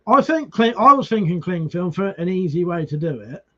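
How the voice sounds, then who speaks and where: A man's voice: high voice, big pitch swings, normal speed, bright, forceful tone. A man chatting casually with viewers on a live stream, reading comments, greeting them by name and swearing freely. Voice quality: swears freely, restarts words. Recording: dull lo-fi stream audio.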